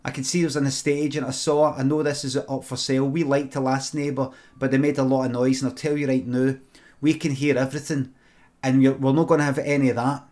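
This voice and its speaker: A man's voice: medium pitch, level tone, quick pace, darkish tone, lightly acted. A Scottish man voicing an irritated neighbour who bluntly complains about noise. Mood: stern.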